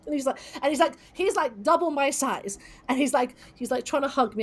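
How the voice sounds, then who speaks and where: Woman host, high and bright-toned, chatty storyteller with salty language. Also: a little fast, hardly any pauses. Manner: lively storyteller who swears freely. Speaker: podcast host. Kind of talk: casual chat.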